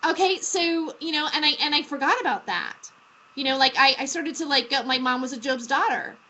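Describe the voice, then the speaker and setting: Woman, casual chat, rambling with fillers, bright tone, dull lo-fi sound. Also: sits high, a little fast. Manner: rambling, many fillers and restarts. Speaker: podcast host.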